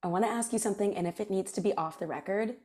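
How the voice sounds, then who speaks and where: A woman hosting a casual chat, expressive and quick to react. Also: mid-range voice. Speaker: host.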